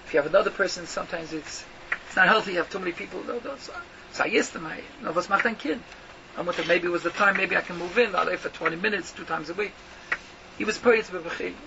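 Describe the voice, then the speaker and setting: With a high, gravelly voice and a fast delivery, a rabbi gives an emphatic Torah lecture in yeshiva style. Rhetorical questions come one after another alongside Yiddish and Hebrew terms, and the lo-fi audio is muffled with noticeable noise behind it.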